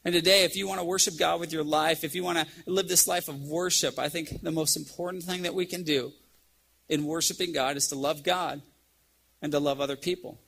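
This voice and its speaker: A man's voice: a little high, fairly even intonation, fairly quick, vocal fry, a bit bright, a little hiss or hum. A man giving a storytelling sermon to a youth group, often restarting his sentences. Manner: storytelling, acts out quoted voices, restarts. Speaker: youth speaker.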